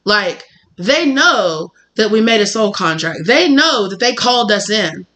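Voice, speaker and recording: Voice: mid-range voice, sing-song, measured pace, sharp tone. A tarot reader giving a casual spoken reading, rambling and chatty and acting out little scenes along the way. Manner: swears freely.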